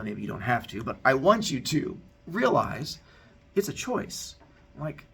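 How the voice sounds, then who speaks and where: Earnest gravelly-voiced male teacher. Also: medium pitch, sharp tone. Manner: earnest, candid personal storytelling. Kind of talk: heartfelt talk to students.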